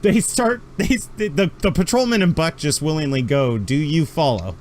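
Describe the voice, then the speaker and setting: Pitched on the high side, this man's expressive voice carries a rambling, filler-heavy narration of a tabletop game he runs as game master. The pace is moderate and there's a little hiss or hum.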